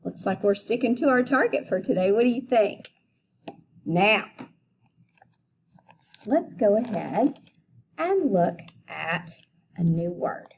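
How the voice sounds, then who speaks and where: A woman teaching a phonics lesson to young children, deliberately sounding out letters and syllables. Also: mid-range voice, lively intonation, vocal fry, slight background noise. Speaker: elementary school teacher.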